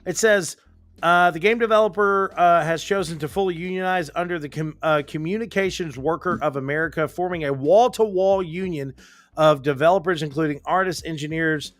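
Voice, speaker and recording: A man co-hosting a casual gaming podcast, ranting with plenty of swearing. His voice sits a bit high and sounds dry and close to the mic. He talks from a home office in loose, excitable bursts. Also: a little fast, no echo. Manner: ranting, profane, animated. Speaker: podcast host.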